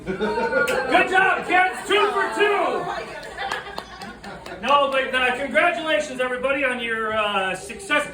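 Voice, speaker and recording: A stand-up comedian from New Mexico, joking and teasing the crowd at a party. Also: male voice, extremely high pitch, lively intonation, normal speed. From New Mexico, USA. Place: party room with audience. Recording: echoey room from far off, crowd noise.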